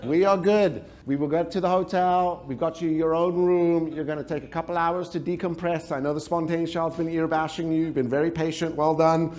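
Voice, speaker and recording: A man's voice: a little high, steady tone, brisk, hardly any pauses, a little mellow, natural voice. A man voicing an apologetic, fussing nurturing parent who soothes everyone around. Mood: soothing.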